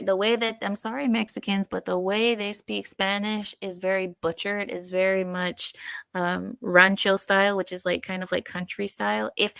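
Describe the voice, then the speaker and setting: Woman commentator, sassy and blunt, mid pitch, dry close sound. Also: gravelly, a bit bright, dry recording. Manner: sassy, blunt, scolding asides. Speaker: reaction commentator. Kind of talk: casual reaction commentary.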